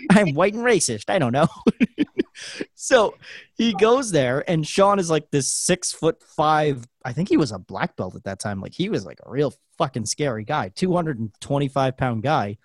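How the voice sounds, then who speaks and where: A man telling a story on a podcast, his pitch swinging widely as he talks. The sound is dry and close to the mic. He swears freely and laughs often. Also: very animated, normal speed, dry recording. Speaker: podcast co-host. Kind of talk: casual chat.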